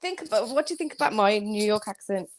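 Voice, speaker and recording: A British woman in casual chat, firing off quick teasing questions. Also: mid-range voice, animated, crowd noise.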